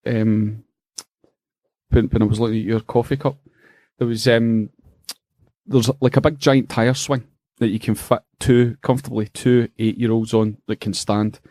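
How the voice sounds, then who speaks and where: A middle-aged Scottish man co-hosting a podcast, telling a funny story in an animated, profane way and laughing as he goes. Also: medium pitch, a little slow, no room sound, clean studio sound. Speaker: podcast co-host. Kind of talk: casual storytelling chat.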